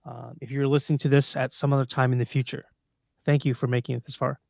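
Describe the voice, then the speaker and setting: A man co-hosting a podcast in casual live-stream chat, excitable and slangy. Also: mid-range voice, fast talker, vocal fry, no room sound. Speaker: podcast co-host.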